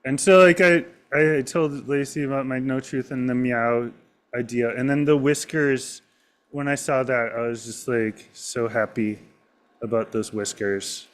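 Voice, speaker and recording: A man's voice: mid-range voice, fairly even intonation, measured pace. Jokey man telling rambling stories. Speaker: co-host. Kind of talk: casual chat.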